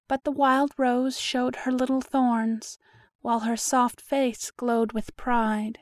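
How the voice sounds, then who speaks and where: Woman narrating a story poem, slow, very even and flat delivery, dry. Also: a little high, no echo. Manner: slow, even, measured recital. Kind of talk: reading a story poem aloud.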